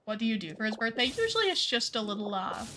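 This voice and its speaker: A woman's voice: on the high side, big pitch swings, fast talker. A woman streaming a video game, chatting casually with her viewers and leaning on filler words as she talks. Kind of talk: casual gameplay chat with chat. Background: game music.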